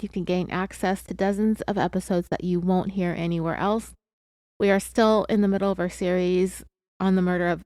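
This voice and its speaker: A woman with a mid-range, slightly mellow voice hosts a true crime podcast, chatting candidly and confessionally with lots of fillers. She's battling hiccups the whole time, and the studio-quality recording has no echo.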